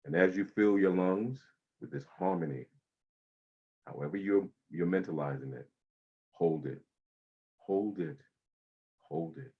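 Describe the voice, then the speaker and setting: A man leading a guided breathing meditation, speaking slowly and soothingly with long pauses. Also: sits low, expressive, creaky, husky, dull audio.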